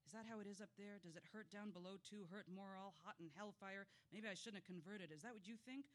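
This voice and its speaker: A man's voice: high voice, a little fast, lightly acted. A man performing a dying male gangster who rambles and pleads feverishly at an angel, in a dramatic poetry reading. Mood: pleading, raving.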